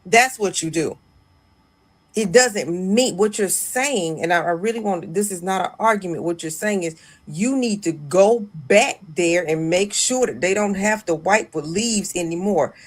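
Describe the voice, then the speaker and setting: A woman's voice: on the low side, unhurried. Insistent woman lecturing online. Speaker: clip speaker. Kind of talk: online video commentary.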